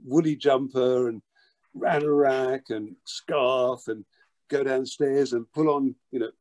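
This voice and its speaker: An older man, telling a childhood story as an interview guest, lively and full of restarts and repeated words. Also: mid-range voice, slow pace. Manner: animated, repeats words while acting out a story. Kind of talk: anecdotal storytelling.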